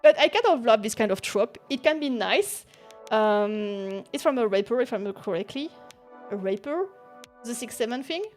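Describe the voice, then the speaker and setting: Giggly high-voiced woman streamer. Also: animated, a little fast, a little mellow, faint music behind. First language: not English. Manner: giggly, chatty, frequent laughs and restarts. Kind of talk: casual chat.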